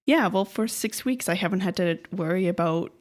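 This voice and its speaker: A woman co-hosting a podcast in casual chat, talkative and quick to laugh. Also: fairly low pitch. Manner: chatty, laughs often, loose fillers. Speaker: podcast co-host.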